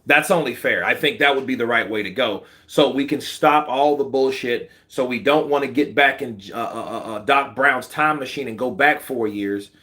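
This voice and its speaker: A man hosting casual boxing commentary, slangy and animated, answering viewer comments. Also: mid-range voice, normal speed, hardly any pauses. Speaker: boxing channel host.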